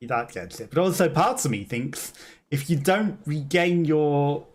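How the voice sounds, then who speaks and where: A man's voice: a little high, lively intonation, a little slow. Chatty man commentating his gameplay. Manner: rambling, self-mocking, laughs often. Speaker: let's play streamer.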